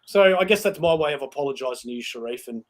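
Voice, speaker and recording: A man hosting a casual chat, telling stories in an animated way and laughing often. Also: mid-range voice, fast talker, a little hiss or hum. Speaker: host.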